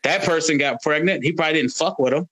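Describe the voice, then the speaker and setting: A man's voice: a little high, fast. A man co-hosting a podcast, chatting casually and joking around. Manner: animated, jokey, puts on silly voices in retellings. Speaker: podcast co-host. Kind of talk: casual chat.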